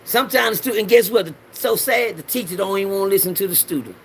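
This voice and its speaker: High gravelly man, preachy rambling vlog. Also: fast, slight background noise. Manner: preachy, repeats lines for the audience to say along; loose Southern street slang, swears freely. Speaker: vlogger. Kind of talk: rambling personal monologue.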